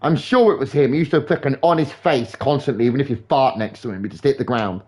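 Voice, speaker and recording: A young man streaming a game live, rambling in sweary, animated football banter. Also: medium pitch, quick pace. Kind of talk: casual chat while gaming live.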